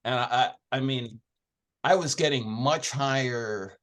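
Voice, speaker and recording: A man's voice: medium pitch, measured pace, a bit bright. A man answering in an interview, telling his story in a chatty, anecdotal way and acting out the conversations he had. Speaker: founder of an organization, interview guest.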